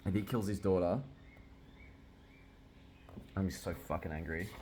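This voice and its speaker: Deep-voiced man reacting excitedly, swearing. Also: moderate pace, slight background noise. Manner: excitable, swears often, gets worked up. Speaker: manga reviewer. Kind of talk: casual reaction commentary.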